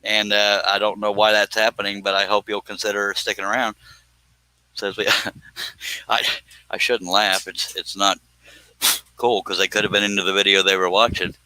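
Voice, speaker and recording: A man's voice: on the low side, level tone, normal speed, pauses often, sharp tone, clean tone, no echo, rough recording. A man hosting a casual live stream while he cuts wood on a scroll saw, rambling and laughing at himself. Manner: rambling, self-deprecating, chuckling.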